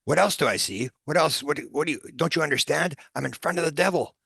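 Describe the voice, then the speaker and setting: A terrified fire-and-brimstone preacher from the 1920s, as acted by a man, his voice jumping up high and strained with panic. He gasps out his words in a close, dry sound. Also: fast talker, vocal fry, bright, forceful tone, husky, dry recording, exaggerated voice. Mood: exasperated. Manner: frantic, high-pitched, gasping.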